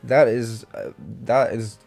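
A man's voice: mid-range voice, little pitch movement, slow, gravelly, a little mellow, faint music behind. A man giving crude, joking commentary while playing a video game with a friend. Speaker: gameplay commentator. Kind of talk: casual gaming commentary.

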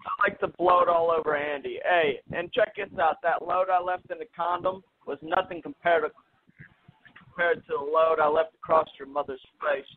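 A man's voice: fairly high pitch, steady tone, normal speed, slightly rough. A man making a prank phone call, taunting and mocking the host. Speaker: prank caller. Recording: tinny phone line.

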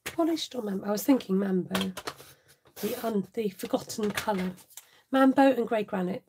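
British lady crafting live and chatting away, bit of fry in her voice, noisy home mic with clicks. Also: mid-range voice. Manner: chatty, thinks aloud, drops into whispered asides. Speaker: craft channel host. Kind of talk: live crafting chat with viewers.

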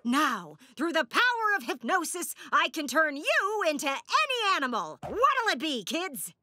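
Cartoon magician lady, grand showman delivery, very high, slow and drawn out. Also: sing-song, sharp tone, full character voice. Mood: theatrical. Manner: theatrical, announcer-like. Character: showy woman stage magician, theatrical.

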